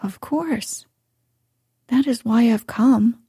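A woman voicing a carefree, self-centered young boy who never grows up, in a soft, hushed bedtime-story reading. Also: a little high, slow pace, breathy edge, no echo, clean studio sound, exaggerated voice.

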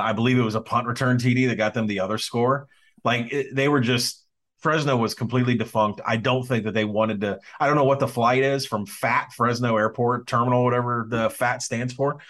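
A man co-hosts a casual sports betting podcast. He talks in a measured, analytical way, walking through the numbers steadily. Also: mid-range voice, a bit bright. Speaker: podcast co-host.

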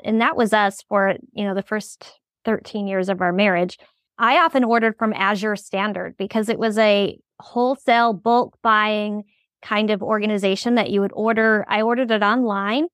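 A woman's voice: mid-range voice, normal speed, no room sound, clean studio sound. A middle-aged woman co-hosting a casual chat, talking in a practical way and summing up the points.

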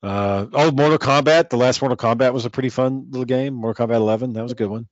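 A man's voice: medium pitch, fast talker, no echo, lo-fi sound. A man in casual chat about games with a friend, laid-back and rambling, swearing freely. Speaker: gamer chatting with a friend.

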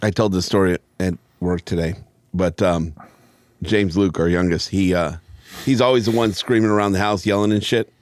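A man's voice: deep voice, normal speed, dry recording. A man in his thirties co-hosting a podcast, telling stories in casual chat and acting out the voices of the people in them. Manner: animated storyteller, acts out voices. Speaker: podcast co-host.

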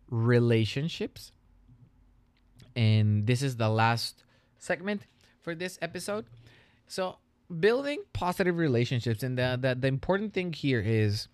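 A man hosting a solo educational podcast, talking casually as a teacher and turning lively when he retells classroom stories. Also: mid-range voice, smooth, dry recording.

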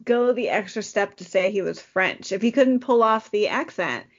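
A woman's voice: medium pitch, moderate pace, highs cut off. A woman co-hosting a podcast, chiming in with wry, teasing remarks in casual chat. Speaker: podcast co-host.

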